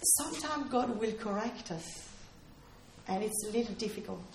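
In an echoey hall, a woman preaches a sermon in an earnest, emphatic manner, coming back to her key phrases again and again. Her voice is on the high side with lively intonation and a moderate pace, and there's a faint hiss or hum in the recording.

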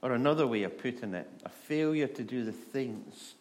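A man's voice: mid-range voice, lively intonation, moderate pace. A male pastor giving a conversational, humorous sermon, often stammering and restarting.

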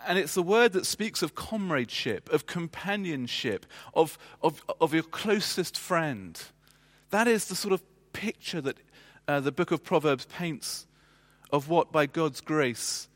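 A man delivering a sermon in a measured, emphatic way, often pausing with fillers. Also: on the high side, lively intonation. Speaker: preacher. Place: church. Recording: church hall reverb.

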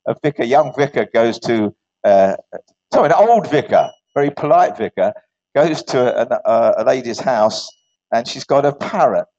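A man preaching informally, telling a joke and then reading scripture in a chatty, self-correcting way. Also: medium pitch. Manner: animated, chatty storyteller who stumbles and corrects himself. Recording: dull lo-fi recording.

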